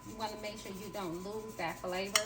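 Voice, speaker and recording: A woman's voice: mid-range voice, fairly even intonation, a little fast, heavy background noise. A woman with a Southern US accent, hosting a casual home cooking demonstration in a folksy, chatty way and talking straight to her viewers. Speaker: cooking show host. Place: home kitchen.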